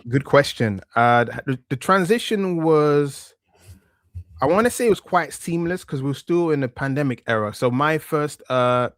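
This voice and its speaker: A man's voice: mid-range voice, no echo, studio quality. A man in his thirties from East London with a thick East London accent, chatting reflectively as a podcast guest with plenty of fillers. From East London, England. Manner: relaxed and reflective, many fillers and restarts. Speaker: podcast guest, wrestling media presenter. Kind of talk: casual interview chat.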